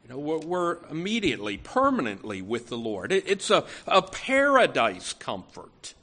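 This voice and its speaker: A man's voice: a little high, huge pitch swings, moderate pace, pushed and bright. A man preaching a sermon in an earnest, emphatic way, often restarting phrases and saying "you know".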